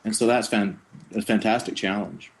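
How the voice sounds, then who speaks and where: A middle-aged man with a lowish voice talks through his work in a relaxed, rambling way. He laughs easily as he tells his anecdotes. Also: gravelly, slight background noise. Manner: slips into quick character voices mid-sentence; relaxed, rambling storytelling with chuckles. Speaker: voice actor guest. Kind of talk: casual interview chat.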